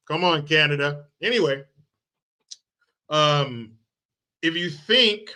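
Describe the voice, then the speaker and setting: A man hosting a political commentary video, ranting in a mocking, profane and animated way. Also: fairly high pitch, measured pace, long pauses. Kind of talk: comic political rant vlog.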